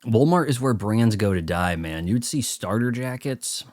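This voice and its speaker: A man's voice: on the low side, expressive, normal speed, a little mellow, dry recording, studio quality. A man giving casual movie watch-along commentary, riffing sarcastically in a rambling way. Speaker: film commentator.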